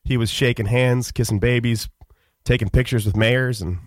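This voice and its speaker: Man of middling pitch doing a halting, mock-serious comic rant; dry, close studio sound. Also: fairly even intonation, no echo. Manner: rambling, halting, full of "uh"s. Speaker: radio show guest. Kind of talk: mock-solemn comic monologue. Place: radio studio.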